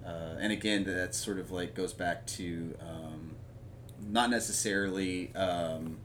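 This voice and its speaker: A man chatting casually about a movie, rambling with lots of fillers and animated retelling of scenes. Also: low-pitched, takes it slowly, slight background noise.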